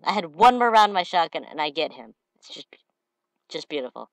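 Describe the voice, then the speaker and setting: A slightly sniffly woman giving excitable gameplay commentary, breaking into shouted trash talk. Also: on the low side, fast talker, no echo. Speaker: gamer.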